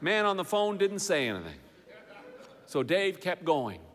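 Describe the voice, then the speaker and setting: A man reading a funny story aloud, wry and dry in delivery, with a high, lively voice that swoops around. The sound hangs in a long hall reverb. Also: moderate pace, noisy background.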